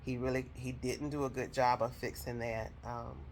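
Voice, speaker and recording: A woman's voice: very deep voice, little pitch movement, moderate pace, a little hiss or hum. A woman telling viewers a personal story in an emotional, heartfelt way, speaking straight to them. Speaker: vlogger telling her own story.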